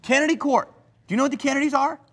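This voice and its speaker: A man's voice: extremely high pitch, rapid-fire, fairly bright tone. Mock-stern man playing a prank judge. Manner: mock-stern, repeats himself insistently. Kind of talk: improvised prank comedy.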